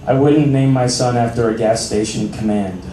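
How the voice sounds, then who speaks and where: A young man doing a stand-up comedy set in a small cafe, with a deadpan, dry delivery broken by sudden loud outbursts. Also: mid-range voice, moderate pace, a little hiss or hum. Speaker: stand-up comic. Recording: roomy, distant amateur recording.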